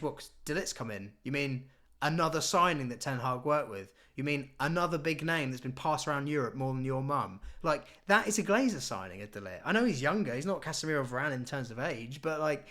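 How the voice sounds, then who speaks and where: A man's voice: fairly high pitch, fairly bright tone. Sarcastic ranting young man. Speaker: football YouTuber. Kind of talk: casual opinion vlog.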